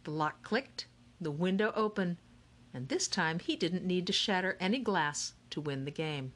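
A woman narrating a children's novel in a lively, expressive storytelling manner. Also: on the low side, normal speed. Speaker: audiobook narrator. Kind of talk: scripted narration.

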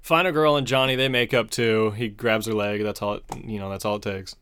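A man's voice: lowish voice, fairly even intonation, fairly quick, a bit bright, smooth. A man casually recapping a movie plot on a podcast, laid-back and profane, chuckling as he goes. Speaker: podcast host.

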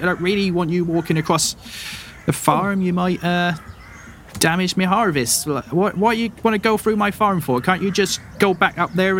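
A wary halfling farm woman, motherly but suspicious, with a raised voice pitched above a man's own, as a man puts her on. She speaks in a tabletop game over faint background noise. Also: a bit bright. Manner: suspicious, scolding.

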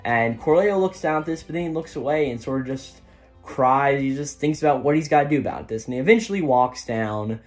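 A man of middle pitch talks through a manga chapter in a loose, rambling way, full of fillers and tagged questions. His voice sits in a plain middle register. Faint music plays softly in the background. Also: animated, a little fast. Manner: rambling, filler-heavy, tags lines with "right?". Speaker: manga reviewer. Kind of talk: casual chapter recap.

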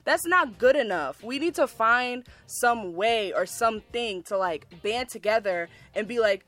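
A woman's voice: a little high, animated, a little slow, few pauses, a bit bright. A woman from the United States hosting a podcast in casual chat, heated and ranting, saying "like" a lot. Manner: heated, ranting, frequent "like" and "freaking". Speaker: podcast host.

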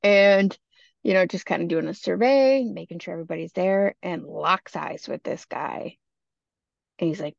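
A woman hosts a podcast and recounts a creepy tale in a chatty, casual way, dropping in "you know" asides. Her voice has a gravelly edge. The recording is dull and lo-fi, and the sound is dry. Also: lowish voice, normal speed, no room sound. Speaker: podcast host. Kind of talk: casual storytelling.

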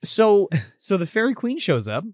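This co-host swings their pitch widely while chatting loosely about a film, swearing freely and breaking into laughter. The sound is close and dry, with no room around it. The talk stays relaxed and unscripted throughout. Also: no room sound. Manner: profane, laughing, quick to act out lines. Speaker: podcast co-host. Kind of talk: casual film review chat.

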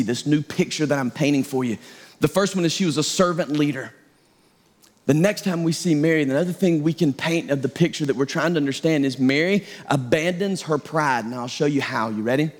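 A man's voice: mid-range voice, fairly quick. A middle-aged male pastor preaching a sermon in a conversational, self-deprecating way.

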